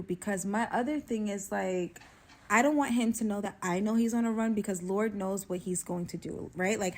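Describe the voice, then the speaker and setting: A young woman telling a dramatic story casually, acting out the dialogue and dropping to whispers at tense moments. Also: mid-range voice. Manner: animated, acts out dialogue, swings to whispers.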